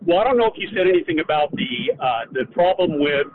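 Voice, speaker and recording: A man's voice: on the high side, expressive, fast talker. An older man, a former community college professor, calling in to a radio show and speaking earnestly, with many hesitations and fillers. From Texas. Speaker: caller. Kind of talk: radio call-in chat. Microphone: phone. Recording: tinny phone line with noise.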